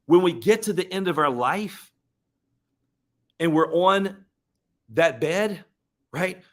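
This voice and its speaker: A man's voice: a little high, animated, takes it slowly. A man hosting a motivational live stream, speaking earnestly and emotionally. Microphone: webcam or desk mic on live stream.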